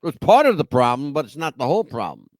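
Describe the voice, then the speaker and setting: His fairly high, very animated voice moves at a quick pace as he co-hosts a live podcast and reads out chat messages. The man's chatter is rowdy, full of cursing and "you know" fillers, and the recording carries no room sound.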